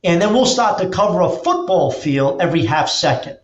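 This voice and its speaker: A man guest on a podcast, an energetic storyteller who acts out quotes and restarts his sentences often. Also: high-pitched, normal speed. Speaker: podcast guest, auto dealer and drag racer. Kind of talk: casual interview talk. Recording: roomy, dull lo-fi sound.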